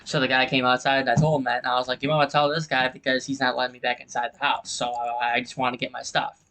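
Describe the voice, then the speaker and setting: A man's voice: mid-range voice, flat delivery, quick pace, bright, forceful tone, rough recording. Heated man telling a story. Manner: heated, swearing, acts out quoted people. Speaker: gaming channel host. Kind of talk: casual storytelling over gameplay.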